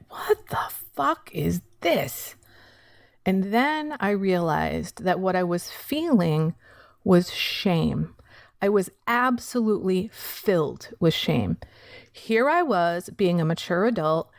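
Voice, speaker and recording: A woman with a fairly low voice tells her own story, plain-spoken and frank, with casual swearing mixed in. The recording is close and dry, with no room sound around her. She talks as a podcast host working through a personal recovery story. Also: dry recording.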